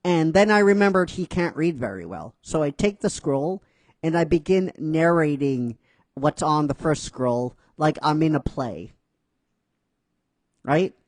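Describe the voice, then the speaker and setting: A man narrates a fan-written story in a casual, rambling way, checking in with listeners. His delivery is unhurried with lively swings of pitch. The recording is dry and close. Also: no echo. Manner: rambling, many restarts and "right?" asides.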